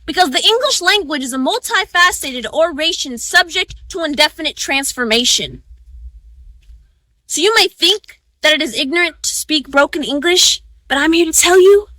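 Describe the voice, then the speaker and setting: A woman's voice: high-pitched, expressive, normal speed, sharp tone, no echo. A young woman performing a spoken-word oratory speech, reciting with rhythmic, emphatic stresses. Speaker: student orator.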